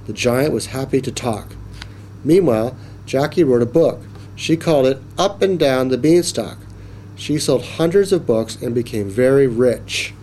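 A man reading a children's story aloud in a slow, expressive manner. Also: mid-range voice, a little hiss or hum.

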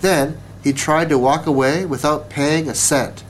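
Self-righteous baker for a storybook, loud and indignant, read by a man. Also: a little high, steady tone, a little slow, slight background noise, voice pushed up, lightly acted. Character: indignant male town baker, hot-tempered.

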